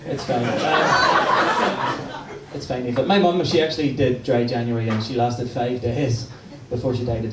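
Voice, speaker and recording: A male stand-up comedian doing a live set, chatty and teasing as he works the crowd. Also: mid-range voice. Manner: cheeky, chatty, teasing the audience. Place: live comedy venue stage. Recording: roomy distant live room with crowd noise.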